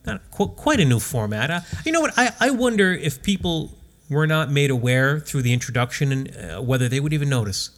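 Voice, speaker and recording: A man's voice: on the high side, big pitch swings, brisk, few pauses, fairly bright tone. A man co-hosting a casual podcast, easygoing and hesitant as he wraps up the episode. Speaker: podcast co-host. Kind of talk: casual chat.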